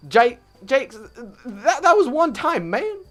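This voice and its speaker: A man playing an easygoing, friendly young male student in a game let's play, upbeat and lively. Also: extremely high pitch, slow, voice pushed up, exaggerated voice.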